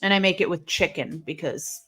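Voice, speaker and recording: A woman hosting a live watch-along stream, chatting casually, answering her chat and breaking into sudden excited outbursts at the action. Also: lowish voice, moderate pace, husky.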